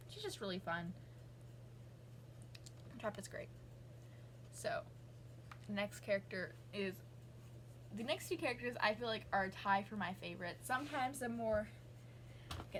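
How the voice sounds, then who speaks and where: A woman's voice: mid-range voice, a little hiss or hum. A young woman, rambling casually as a vlogger with lots of fillers and asides. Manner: rambling, gushing, many fillers. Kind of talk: casual chat.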